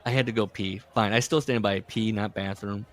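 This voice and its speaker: A man hosting a casual podcast book discussion, recapping and reading passages with lively put-on voices. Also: on the low side, fairly quick. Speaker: podcast host.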